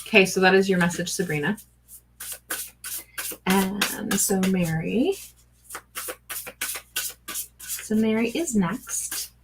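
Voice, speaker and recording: A woman's voice: medium pitch, takes it slowly, pauses often, over music, rough recording. A middle-aged woman doing a live-stream oracle card reading, chatting with viewers and greeting them by name. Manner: chatty, warm greetings to viewers, gushing excitement.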